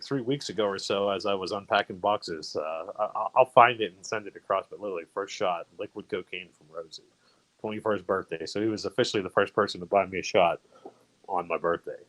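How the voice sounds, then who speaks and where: A man's voice: on the low side, steady tone, fairly quick, fairly bright tone, rough recording. A man on a video call telling a long, rambling story from his college years, full of fillers and restarts. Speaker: fraternity brother sharing memories. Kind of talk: casual storytelling.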